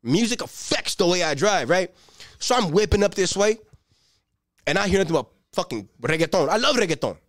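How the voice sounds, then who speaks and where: Young male stand-up: high, wildly swinging voice, profane street banter, dry close sound. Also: a little fast, no room sound. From Los Angeles. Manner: animated, profane, streetwise banter with shouted bursts. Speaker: stand-up comedian. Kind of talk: stand-up routine.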